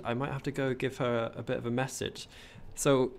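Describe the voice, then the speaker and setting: A man's voice: mid-range voice, little pitch movement, moderate pace, vocal fry, smooth. A man with a posh English accent, chatting casually on a gameplay livestream, rambling and reading out chat as he builds. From England.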